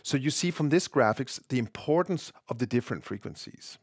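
A man presenting a scripted technical tutorial, explaining things in a measured, precise way. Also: medium pitch, lively intonation, husky, no room sound, clean studio sound.

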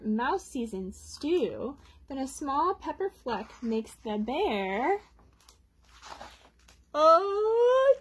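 A woman reading picture books aloud to children, expressive and asking them little questions. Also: a little high, a little hiss or hum. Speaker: children's storytime reader.

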